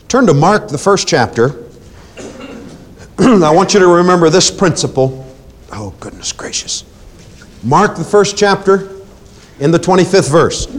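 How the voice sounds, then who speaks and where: A man preaching a sermon on deliverance ministry, emphatic and commanding, repeating phrases and talking straight to his congregation. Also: sits high. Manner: emphatic, swinging between loud commands and quiet asides.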